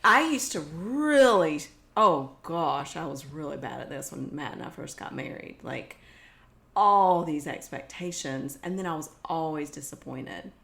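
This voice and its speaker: A woman co-hosting a casual podcast. She speaks at a mid pitch that swings widely, and she acts out quoted lines expressively. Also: expressive, a little slow, vocal fry, a bit bright. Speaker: podcast co-host. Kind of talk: casual conversational chat.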